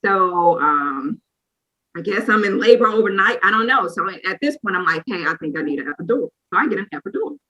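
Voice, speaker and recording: Woman in her 30s, clear bright voice, candid rambling storyteller, podcast co-host. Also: mid-range voice, expressive, brisk, poor audio. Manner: candid, rambling, frequent "or whatever" asides. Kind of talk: personal storytelling chat.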